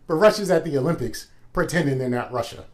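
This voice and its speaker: Male co-host, casual banter, animated delivery, slightly high pitch. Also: fast. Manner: animated, joking storyteller. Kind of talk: casual chat.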